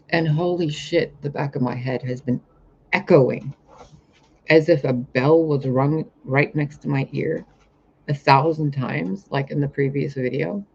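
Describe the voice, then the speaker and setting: A man's voice: on the high side, fairly even intonation, measured pace, gravelly, breathy edge. A man who works as a spiritual reader, describing a vision to camera in a rambling, intense monologue and swearing often. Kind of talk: vlog monologue about a vision. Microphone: camera mic, talking to camera. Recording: dull lo-fi sound with faint hiss.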